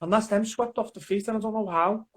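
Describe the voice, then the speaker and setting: A man with a Liverpool accent speaks as a soldier guest on a casual video chat. His voice sits high for a man, and he talks earnestly and haltingly, often restarting his sentences. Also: steady tone.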